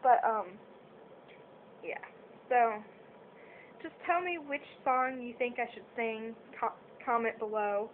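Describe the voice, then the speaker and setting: A woman's voice: fairly high pitch, slow pace, long pauses. A young woman chatting casually to her viewers, rambling and apologizing often, with lots of fillers. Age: young adult. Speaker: vlogger. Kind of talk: casual chat to camera. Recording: tinny phone-quality audio with faint hiss.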